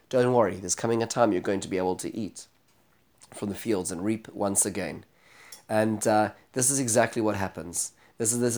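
Animated man teaching scripture. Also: lowish voice. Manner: animated, dramatic when retelling speeches; frequent restarts and self-corrections. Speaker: Bible teacher. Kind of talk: spoken lecture on scripture.

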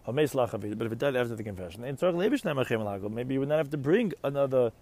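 Fast-talking man teaching Talmud. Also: mid-range voice, expressive, a little mellow. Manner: explains Aramaic text line by line in English, with rising questions. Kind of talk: Talmud lecture.

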